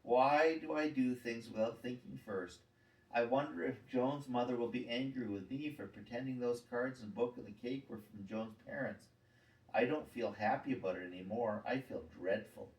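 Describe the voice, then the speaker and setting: A man's voice: medium pitch, normal speed, darkish tone, natural voice. A man voicing a kind but impulsive schoolgirl, anxious and blaming herself. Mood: guilty, worried. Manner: anxious, self-reproaching. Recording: roomy, distant mic.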